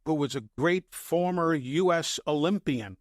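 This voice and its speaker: An older man from the New York area, a sports broadcaster, casually telling animated stories on a podcast, chuckling as he quotes himself. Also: fairly high pitch, measured pace, no echo, clean studio sound.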